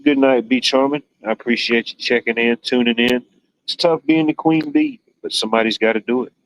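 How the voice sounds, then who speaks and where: A man's voice: medium pitch, steady tone, a little fast, rough recording. A man hosting a livestream in casual chat, rambling and joking, with "you know" sprinkled throughout. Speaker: livestream host.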